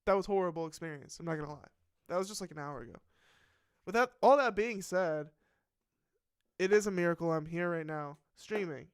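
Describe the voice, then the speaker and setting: A man's voice: a little high, fairly quick, pauses often, clean tone, no echo, studio quality. A man hosting a live stream, chatting casually and telling a rambling story with plenty of swearing. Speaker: livestream host. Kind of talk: casual livestream chat.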